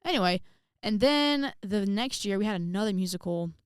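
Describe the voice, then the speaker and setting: A woman's voice: medium pitch, normal speed, clean tone, no room sound, clean studio sound. A young woman from Indiana telling a story in a casual, chatty vlog, full of fillers and acted-out quotes. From Indiana, USA. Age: young adult. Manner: chatty, animated, many fillers, acts out quotes. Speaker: vlogger.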